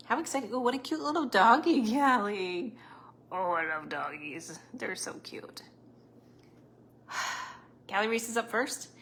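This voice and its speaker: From home and close to the camera, a woman hosts a casual live stream as a psychic medium, chatting, rambling, and laughing often. Her medium-pitched voice is bright and forceful, with slight background noise behind it.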